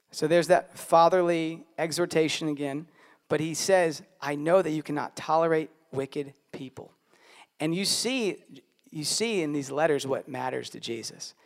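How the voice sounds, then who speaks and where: A man's voice: a little high, moderate pace, vocal fry. A man in his thirties preaching a sermon as pastor, earnest and emphatic, often repeating his key lines.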